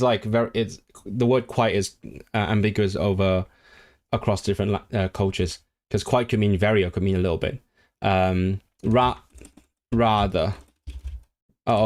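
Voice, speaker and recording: A man casually talking to his live-stream viewers, rambling with frequent restarts and fillers. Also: mid-range voice. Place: living in the North of England.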